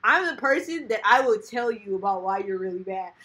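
A woman's voice: medium pitch, animated, fairly quick, bright, forceful tone. A woman hosting a reaction video, commenting casually in slang and laughing often.

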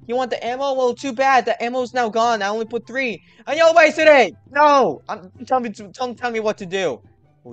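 Young male gaming host, high-pitched, hyped, faint game music underneath. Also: no echo. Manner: energetic, talks to viewers, hypes himself up. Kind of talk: excited gameplay commentary.

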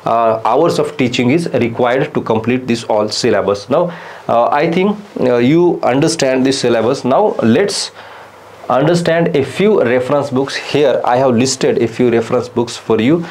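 A man's voice: medium pitch, darkish tone. Man explaining a syllabus. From India. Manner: halting, frequent "uh" fillers and restarts. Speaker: lecturer.

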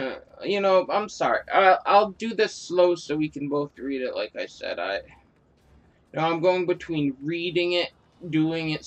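A man's voice: a little high, dull audio. A man giving casual, joking commentary over a video game, mocking himself and swearing freely. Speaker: gaming video creator.

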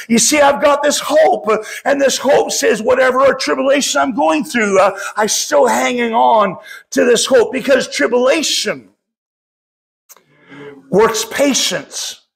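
A man's voice: extremely high pitch, unhurried, gravelly. A middle-aged man preaching a sermon as pastor, impassioned and often calling out to the congregation.

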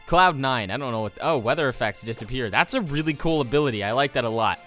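A man's voice: mid-range voice, lively intonation, fast talker, bright, forceful tone, soft background music. A young adult man giving casual gameplay commentary, rambling with jokey asides. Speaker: let's play host.

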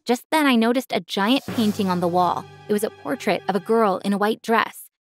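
A woman narrating an animated first-person story in a clear, expressive scripted voice. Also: medium pitch, a little fast, faint music behind.

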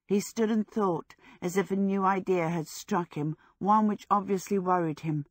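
A woman's voice: mid-range voice, normal speed, hardly any pauses, a bit bright, dry recording. Woman reading a storybook, dry close sound. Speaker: audiobook narrator. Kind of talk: scripted narration.

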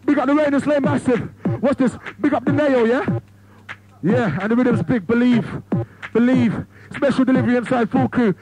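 A breathless man, shouting out crews and rapping as an MC on pirate radio. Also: very high voice, moderate pace, low-quality recording. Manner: shouting out crews between bars. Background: grime beat.

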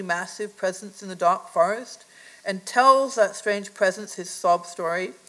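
A woman university lecturer giving an academic lecture, reading carefully from her notes in a measured way. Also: medium pitch, poor audio. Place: visitors center lecture room.

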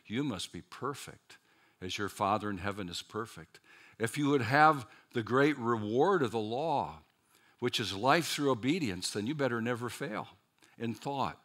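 A man with a fairly low voice preaches a chapel sermon at a seminary. His delivery is lively and dramatic, full of rhetorical questions and wry asides to the listeners.

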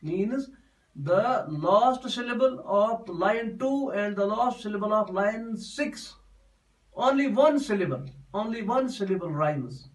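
A man explains a poem as a classroom lesson, going over each point again and again with restarts. His voice sits high, and he sounds set back from the microphone. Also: animated, slow pace, far from the mic, low-quality recording. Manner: repetitive, explains step by step with many restarts. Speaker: teacher.

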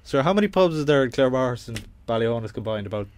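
A man's voice: mid-range voice, expressive, rapid-fire. A young Irish man co-hosting a community radio show, rambling through jokey banter with his friends and often laughing. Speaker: radio co-host.

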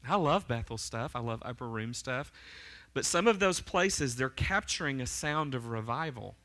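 A man's voice: mid-range voice, animated, moderate pace, sharp tone. A man preaching a sermon as pastor to his congregation, emphatic and fervent, often checking in with "right?" and "amen?". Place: church sanctuary.

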